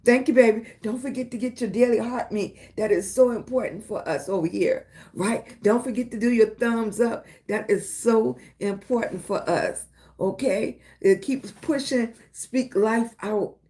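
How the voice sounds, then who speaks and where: Unhurried and warm, this slightly high voice belongs to a middle-aged Virginia woman hosting a livestream. She encourages her viewers and greets them by name with affection, using baby and sweetie. Her speech is sprinkled with "right?"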